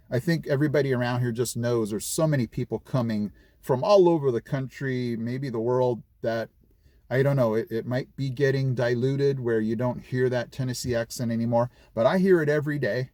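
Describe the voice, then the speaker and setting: A man's voice: medium pitch, fairly even intonation, moderate pace, darkish tone, no room sound. A middle-aged man from California chatting casually in a vlog, rambling with lots of fillers and restarts. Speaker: vlogger.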